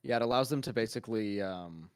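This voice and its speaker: A man's voice: lowish voice, fast talker, clean tone, no room sound, clean studio sound. A man hosting a casual podcast chat, rambling and laughing often.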